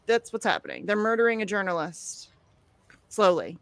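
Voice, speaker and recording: A woman's voice: mid-range voice, sing-song, normal speed, fairly bright tone, no room sound. A woman in casual activist chat, blunt and profane, talking with indignant conviction.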